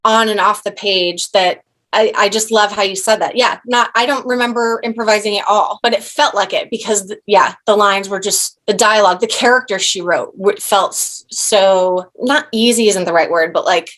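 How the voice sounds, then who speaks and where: A woman's voice: medium pitch, normal speed, a bit bright. A woman in her thirties, an actor and director, chatting as an interview guest, effusive and full of restarts and asides. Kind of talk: casual interview chat.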